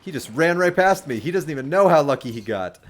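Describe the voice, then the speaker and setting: A man streaming a video game, chatting casually with lots of fillers and sudden excited outbursts. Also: on the high side, brisk. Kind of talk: casual livestream commentary. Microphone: desk microphone.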